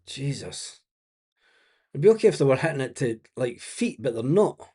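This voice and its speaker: A man's voice: mid-range voice, sing-song, moderate pace, mellow, husky. A man giving blunt, exasperated live match commentary as a watch-along host, swearing freely and laughing often.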